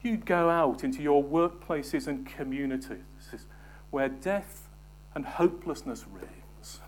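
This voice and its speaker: A man preaching a sermon, moving from emphatic scripture reading to soft, almost whispered asides and questions to the congregation. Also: on the high side, animated, slow, slight background noise.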